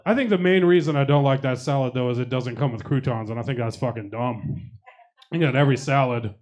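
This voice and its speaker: Performing for a live crowd at a comedy showcase, a young man delivers foul-mouthed, self-deprecating anecdotes and does crowd work. He speaks fairly fast in a mid-range voice with a darkish tone.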